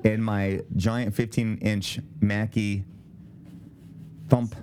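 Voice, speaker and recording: A man's voice: on the low side, flat delivery, extremely slow, darkish tone, a little hiss or hum. A man hosting a casual chat, playfully directing the others like an emcee. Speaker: host.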